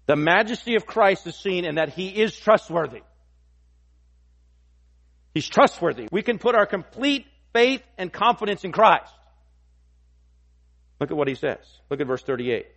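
A pastor preaching an expository sermon, emphatic and repeating key phrases for weight. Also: male voice, fairly high pitch, very animated, unhurried, long pauses, a bit bright.

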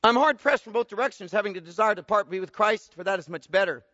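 A man delivers an expository sermon in a high, bright voice. He moves between quiet, low-voiced explanation and loud, emphatic bursts. The sound is slightly muffled and carries a long reverb from a large hall. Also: fast. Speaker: preacher.

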